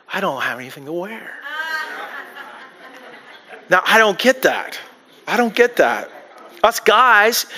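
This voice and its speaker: Bright-voiced man preaching. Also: high-pitched. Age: adult, married. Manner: conversational and joking, with frequent restarts. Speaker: pastor. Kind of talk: sermon.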